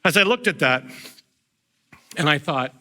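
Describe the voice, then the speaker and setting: A man's voice: fairly high pitch, big pitch swings, a little slow, sharp tone. A middle-aged man preaching a sermon as a pastor, telling a personal story in a conversational way with frequent restarts.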